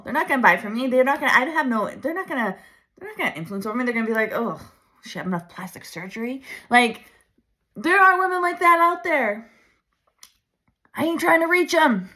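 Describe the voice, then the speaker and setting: A woman in her thirties coaching her viewers in a chatty, animated way, laughing often. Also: on the high side. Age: 30s. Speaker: branding coach. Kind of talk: casual coaching talk to camera.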